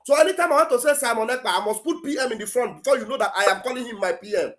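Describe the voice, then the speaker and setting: A man's voice: extremely high pitch, very fast, a bit bright. Angry ranting Nigerian pastor, man. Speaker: pastor and show host. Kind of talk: live online talk show.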